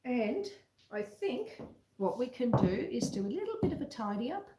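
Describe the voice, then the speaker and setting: A woman's voice: on the high side, sing-song, normal speed, reverberant, background noise. A woman homesteader chatting casually with viewers of her live cooking stream as she bakes and tidies up in her home kitchen, talking them through each step in a homely way. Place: home kitchen with a wood stove.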